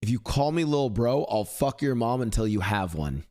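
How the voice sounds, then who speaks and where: Young man, streamer, profane ranting, heated, middling pitch. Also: animated, moderate pace. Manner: profane ranting at chat, rising to shouting. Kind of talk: live stream reaction commentary.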